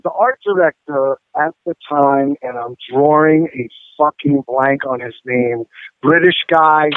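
Guest man, rambling and profane, slightly high voice, dry tinny phone-line sound. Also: slight background noise. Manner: rambling, profane, many fillers. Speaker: guest rock musician. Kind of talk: casual interview storytelling.

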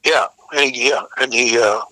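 A man's voice: medium pitch, normal speed, sharp tone, no echo, rough recording. An older man, a rock vocalist, telling rambling, profane road stories in a casual interview. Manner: rambling anecdotal, frequent restarts, profane.

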